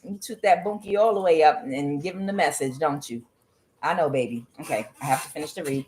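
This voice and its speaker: A woman's voice: deep voice, a little fast, darkish tone, a little hiss or hum, low-quality recording. A woman giving a casual tarot reading, talking bluntly with profanity and drifting into rambling asides to her cat. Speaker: tarot reader.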